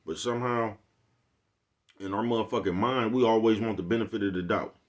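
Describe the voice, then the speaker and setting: Addressing his viewers directly, a vlogger with a deep, very low voice delivers a loose motivational monologue full of swearing and street slang, hopping between life lessons. He keeps asking "you know what I'm talking about," speaking briskly with fairly even intonation.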